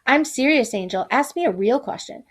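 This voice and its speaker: A woman's voice: high-pitched, expressive, moderate pace, voice pushed up. A woman voicing a nerdy, hopeful teen boy who can read minds, bargaining eagerly. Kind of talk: storytelling performance.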